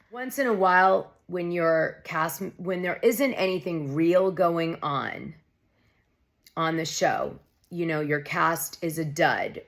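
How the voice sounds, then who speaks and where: Recapping a reality show, a woman vlogger chats casually and gossips freely, full of opinions and sprinkling "like" everywhere. She speaks in a low-pitched, fairly bright voice.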